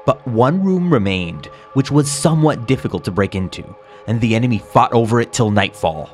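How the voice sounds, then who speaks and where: A man solemnly reading a historical chronicle aloud in a grave, measured, mournful way. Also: mid-range voice, lively intonation. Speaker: narrator. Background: faint music.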